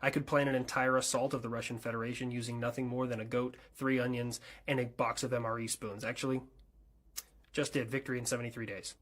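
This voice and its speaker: A man's voice: medium pitch, level tone, fast talker, fairly bright tone, lightly acted. A man voicing a brash, cocky personified fighter jet in a comedy skit, talking in a boastful drawl.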